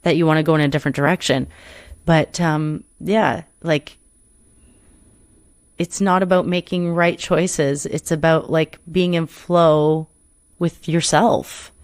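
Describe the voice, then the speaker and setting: This woman has a deep voice and talks in an unhurried, steady way, captured as clean studio sound without echo. As a performer and coach guesting on a podcast, she offers reflective interview talk, earnest yet rambling, full of restarts and "you know."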